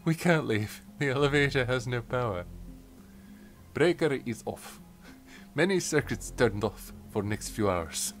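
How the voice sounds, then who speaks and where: A man reading a foreign mall maintenance man's broken-English lines flatly, in his own voice. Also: medium pitch, unhurried, soft background music. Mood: deadpan.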